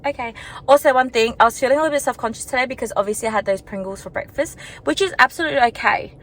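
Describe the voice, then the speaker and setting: Talking very fast in a fairly high, somewhat bright voice, a young vlogger walks outdoors and chats to her camera. She rambles in a self-reflective way, full of filler words, and the recording is rough.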